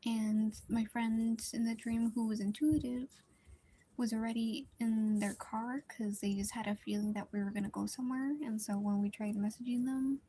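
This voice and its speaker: A woman's voice: on the high side, steady tone, moderate pace, warm tone. A young woman chatting casually while drawing, telling a rambling story with lots of fillers and some whispered stretches. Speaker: drawing streamer.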